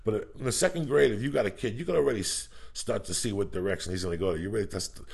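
Gravelly, husky-voiced man, profane storyteller. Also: on the low side. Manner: profane, rapid storytelling with loud laughing outbursts. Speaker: podcast co-host. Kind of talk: crude comic chat.

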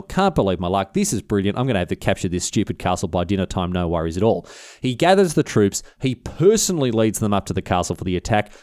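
A man's voice: mid-range voice, a little mellow, no room sound, studio quality. A man telling a history story in an irreverent, slangy way, often restarting mid-sentence. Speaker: podcast host.

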